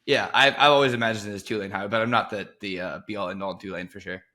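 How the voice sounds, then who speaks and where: Bright-voiced man laughing through sports talk. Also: lowish voice, quick pace. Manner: animated, laughs through his points. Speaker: co-host. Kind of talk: casual sports podcast chat.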